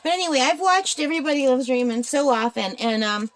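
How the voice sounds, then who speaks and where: Woman, 40s, from northern Ontario, chatty crafting vlogger, talks to viewers, slightly high pitch, faint background noise. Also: expressive, fairly quick. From northern Ontario, Canada. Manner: chatty, rambling, asks viewers questions. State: hiccups. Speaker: crafting channel host. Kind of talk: casual chat while crafting.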